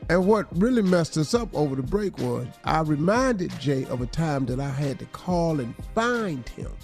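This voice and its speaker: A man's voice: on the high side, big pitch swings, moderate pace, faint music behind. A male radio host giving blunt, emphatic advice on a morning show.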